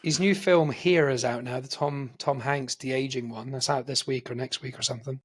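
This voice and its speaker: A man's voice: medium pitch, steady tone, moderate pace, breathy edge. Male podcast co-host, mid-range voice, enthusiastic and chatty. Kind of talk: casual film chat.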